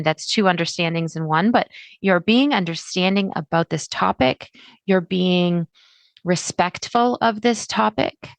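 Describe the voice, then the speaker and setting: A middle-aged woman hosting a solo podcast, chatty and animated, acting out her listeners' words. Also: fairly low pitch, vocal fry, no echo. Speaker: podcast host.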